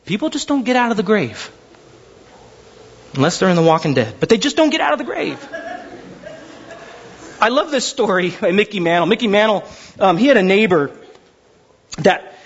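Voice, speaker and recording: A man's voice: high-pitched, sing-song, normal speed, long pauses, muffled recording, slight background noise. A man preaching a sermon as pastor, telling stories animatedly and acting out the voices of the people in them.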